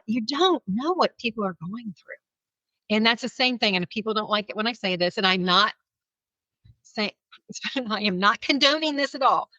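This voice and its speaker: A woman with a bright, forceful voice tells a personal story as a podcast guest, acting out the lines of people in it and laughing often. Her recording is dry, with little room sound, and a little muffled. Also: mid-range voice, dry recording. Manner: animated, laughs often, acts out quotes. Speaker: podcast guest, kindness speaker.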